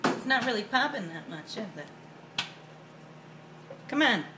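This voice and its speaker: A man's voice: high-pitched, very animated, measured pace. Bonnie, a man doing a brash New York lady. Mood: gushing excited. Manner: loud, gushing, swears casually. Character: brash, excitable middle-aged woman bargain hunter. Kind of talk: comedy sketch character monologue. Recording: echoey room with background noise.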